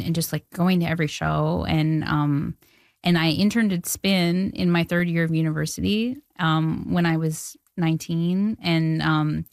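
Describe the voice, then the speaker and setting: Animated chatty woman from Canada. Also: lowish voice, dry recording, clean studio sound. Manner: animated storytelling, acts out quoted dialogue, laughs often. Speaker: filmmaker and former music journalist. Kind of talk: casual interview chat.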